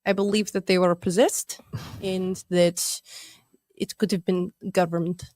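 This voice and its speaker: A woman's voice: lowish voice, level tone, measured pace, a little mellow, no echo, studio quality. A woman co-hosting a podcast, chatting casually and laughing often while telling a story. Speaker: podcast co-host. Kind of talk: casual chat.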